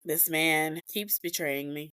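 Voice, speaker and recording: A woman's voice: low-pitched, steady tone, slow, sharp tone, clear, resonant tone. A woman hosting a podcast, telling a personal story in a blunt, profane, emotional way with emphatic repetitions. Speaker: podcast host.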